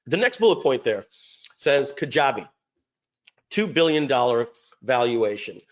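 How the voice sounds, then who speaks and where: A man's voice: mid-range voice, sing-song, unhurried, lo-fi sound. A man casually presenting his company's story in a rambling way, with many fillers and restarts. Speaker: company founder presenting a webinar. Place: home.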